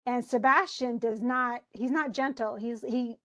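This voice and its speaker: A woman teaching a class about a play, her voice a little on the high side. She talks in a loose, chatty way, often restarting sentences. She reads quoted lines aloud with extra punch. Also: steady tone, unhurried.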